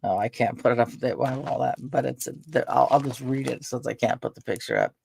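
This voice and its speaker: A woman's voice: a bass voice, brisk, vocal fry, a little mellow, husky. An older woman chatting casually on her vlog at home, rambling with lots of fillers. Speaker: vlogger. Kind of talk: casual chat.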